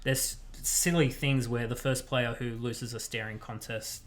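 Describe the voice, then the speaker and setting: Casting note: male podcast co-host, eager and chatty, medium pitch. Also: steady tone, unhurried. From Italy. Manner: enthusiastic game recommending. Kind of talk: casual chat.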